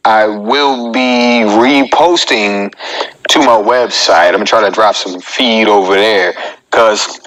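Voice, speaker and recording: Bright-voiced joking male comedian. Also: medium pitch, poor audio. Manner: joking and chatty, talks straight to viewers. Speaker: comedian hosting his own live show. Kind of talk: casual live-stream comedy monologue.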